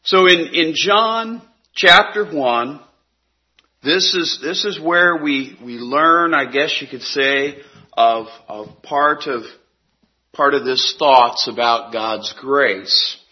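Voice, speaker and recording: Slow, earnest male preacher. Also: medium pitch, dull audio. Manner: slow, earnest, drops soft on key words, some restarts. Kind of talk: sermon.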